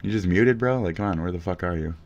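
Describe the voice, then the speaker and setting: A young man live-streaming, reading chat and reacting with profane, mocking remarks and loud taunts. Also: low voice, fast talker, dull audio.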